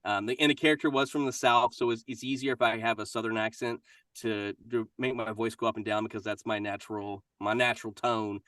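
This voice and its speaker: A man's voice: on the low side, steady tone, fairly quick, fairly bright tone, dry recording, distant mic. A man in his forties with a Kentucky accent, chatting as a guest in an interview in a friendly, upbeat way. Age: 40s. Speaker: guest voice actor. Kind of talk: casual interview chat.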